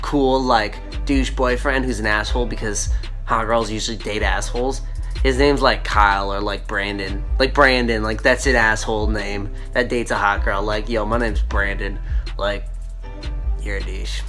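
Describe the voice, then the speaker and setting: A man's voice: lowish voice, fairly even intonation, moderate pace, bright, forceful tone. Young male vlogger, casual mocking rant, heavy on slang, faint music under.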